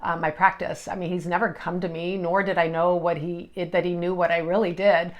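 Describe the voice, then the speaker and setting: A middle-aged woman, an energy healer, telling a personal story in an emotional, halting way with many restarts. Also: on the low side, level tone, muffled recording.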